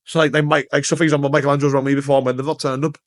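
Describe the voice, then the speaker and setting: A man's voice: a little high, little pitch movement, very fast. A young man, an event organiser chatting on a podcast, rambling with lots of swearing and restarts. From Carlisle, England. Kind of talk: casual podcast chat.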